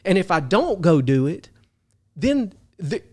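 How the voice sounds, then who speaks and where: A man acting out a frightened army captain in a retold story, with a high, strained, panicky voice that turns to pleading. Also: very animated, unhurried, exaggerated voice. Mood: panicked.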